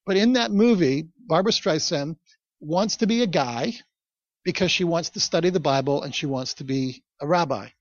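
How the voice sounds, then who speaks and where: A man's voice: fairly high pitch, normal speed, no room sound. A male pastor preaching a sermon in a conversational storytelling manner, with asides to the congregation. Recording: dull, dry recording.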